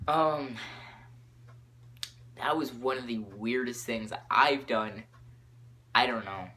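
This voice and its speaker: A teenage boy hosting his own podcast, rambling excitably from topic to topic with lots of fillers. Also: medium pitch, a little slow, a little hiss or hum. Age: teens. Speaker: podcast host.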